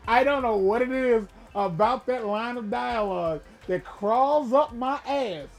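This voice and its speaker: A man co-hosting a gaming podcast, casually and profanely retelling a film, with bursts of loud emphasis. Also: extremely high pitch, unhurried, gravelly, soft background music.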